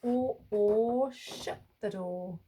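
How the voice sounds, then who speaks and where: Woman, teacher, slow deliberate pace, mid pitch, sounding out letters for kids. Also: darkish tone, a little hiss or hum. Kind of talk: phonics lesson for young children.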